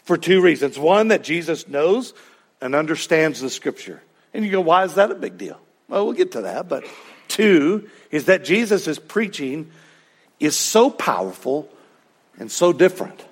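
A pastor preaching a sermon in a conversational way, with asides and questions to the congregation. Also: male voice, on the high side, big pitch swings, unhurried.

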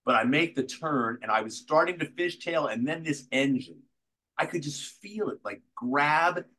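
A man, an actor, telling behind-the-scenes stories in a casual interview, animated and often restarting his sentences. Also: on the high side, moderate pace. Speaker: actor guest.

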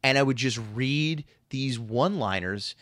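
A man chatting as a guest on a comedy podcast, his pitch swooping up and down as he tells a story. His voice is bright and forceful and sits close to a dry mic. He is self-mocking and breaks into laughs. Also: lively intonation, unhurried, dry recording. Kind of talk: casual podcast chat.

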